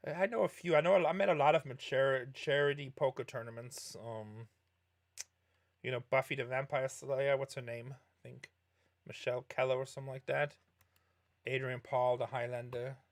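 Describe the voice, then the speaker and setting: Speaking at a moderate pace with fairly even intonation, a middle-aged man with a medium-pitched voice plays poker on a livestream. He rambles casually while answering viewers, often stopping to correct himself.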